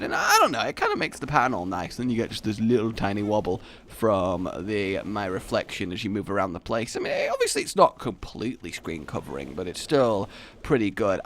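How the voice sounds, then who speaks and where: Lively man rambling over gameplay. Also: fairly low pitch. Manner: rambling storytelling with frequent restarts, bursts of shouting and laughter. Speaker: gaming YouTuber. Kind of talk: casual gameplay commentary. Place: home office.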